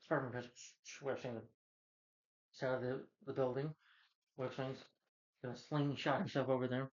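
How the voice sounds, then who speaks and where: A man's voice: medium pitch, level tone, moderate pace, highs cut off. A man giving a casual film review, retelling the plot in a rambling way with lots of fillers.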